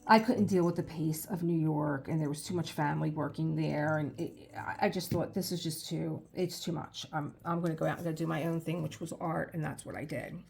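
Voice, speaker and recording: Gravelly-voiced woman telling rambling stories. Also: deep voice, brisk, few pauses. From United States. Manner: animated, rambling anecdotes with restarts. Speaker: crafting channel host. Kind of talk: casual storytelling chat.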